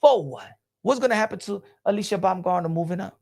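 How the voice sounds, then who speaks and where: A man's voice: high voice, fast talker, creaky, a little mellow. A man hosting a boxing livestream, ranting at chat comments in an exasperated, repetitive and profane way. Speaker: boxing channel host. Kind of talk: livestream rant answering chat.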